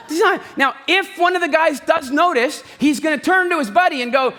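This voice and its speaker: A man giving an animated, jokey talk on stage, telling stories with voiced asides. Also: very high-pitched, measured pace, pauses often. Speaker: speaker. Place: large event hall. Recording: reverberant hall.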